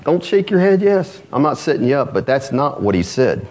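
In a mid-range voice at ordinary speed, a man leads his congregation through a sermon; as pastor he keeps it animated and conversational, with frequent rhetorical questions.

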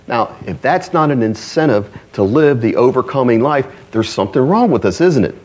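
A man's voice: mid-range voice, lively intonation, moderate pace, hardly any pauses, darkish tone. A man preaching a sermon in a folksy way, laughing and asking rhetorical questions. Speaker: pastor. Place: church.

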